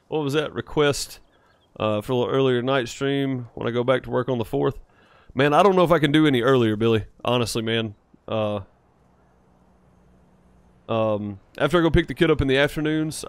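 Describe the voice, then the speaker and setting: A man's voice: mid-range voice, dry recording. A man live-streaming a farming game, chatting casually with viewers in a rambling, easygoing way. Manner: laid-back and rambling, with frequent "uh" and "man".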